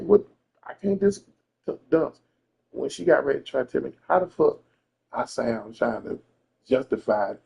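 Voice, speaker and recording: A man's voice: medium pitch, vocal fry, darkish tone. A man telling a story in a casual, profane rant to a friend, emphatic and repeating himself.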